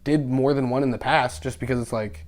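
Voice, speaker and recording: A young man talking as a podcast guest in casual chat, excitable and animated, swearing freely and laughing often. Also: medium pitch, fairly quick.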